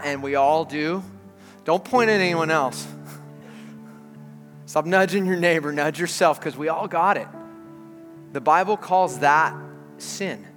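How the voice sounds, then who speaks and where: A man in his thirties preaching a sermon as a pastor, telling an animated story before turning earnest. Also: fairly high pitch. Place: church auditorium. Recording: large hall with long reverb, faint music.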